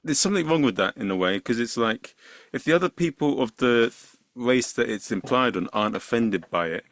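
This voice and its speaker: A man hosting an interview podcast, thinking aloud in halting, searching phrases. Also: medium pitch, expressive, fairly bright tone. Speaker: podcast host. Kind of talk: interview chat.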